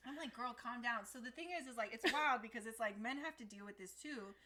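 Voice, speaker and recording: A woman's voice: a little high, fast, crowd noise. A woman co-hosting a podcast in casual chat, candid and blunt, laughing often. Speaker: podcast co-host.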